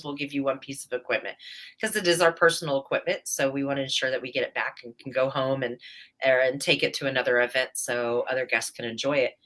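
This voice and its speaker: Low bright-voiced woman chatting. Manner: chatty, easygoing, with many fillers and laughs. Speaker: guest, staff trainer for ghost hunts. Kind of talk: casual radio talk.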